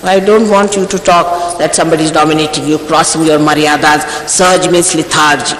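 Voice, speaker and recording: A woman's voice: low-pitched, steady tone, a little fast, a bit bright. A woman in her sixties scolding her followers as their spiritual teacher, sternly admonishing them with pointed rhetorical questions. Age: 60s. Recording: echoey hall, faint background hiss.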